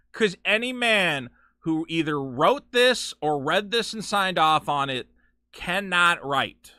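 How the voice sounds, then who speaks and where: A man's voice: a little high, big pitch swings, a little slow, pushed and bright, smooth, no room sound, clean studio sound. A man hosting a live game stream, ranting with profane, sarcastic commentary from his home setup. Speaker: streamer host.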